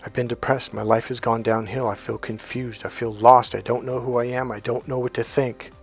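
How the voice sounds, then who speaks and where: A man retelling a story, quoting a confused young woman in his own voice, with halting, hesitant replies. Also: mid-range voice, level tone, gravelly, faint music behind, close to an everyday voice. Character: a confused young woman being questioned by her ex.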